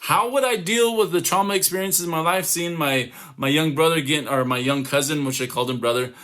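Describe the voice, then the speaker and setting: A man who is a comedian, giving a motivational talk to young people over a video call, telling stories with lively acted-out quotes. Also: on the high side, brisk. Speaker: comedian and youth speaker. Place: home, online summit.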